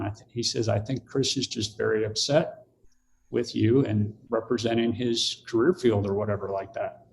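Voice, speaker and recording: A man's voice: on the low side, fairly even intonation, moderate pace, gravelly. Older guy telling a story on a podcast, acts out the quotes, a bit of background hiss. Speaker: podcast guest. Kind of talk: storytelling in conversation.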